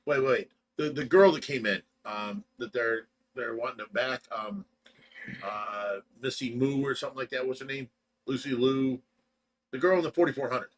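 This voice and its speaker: A man's voice: medium pitch, normal speed, a little hiss or hum. An older man co-hosting a casual livestream, teasing his son and laughing often. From United States. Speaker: livestream co-host.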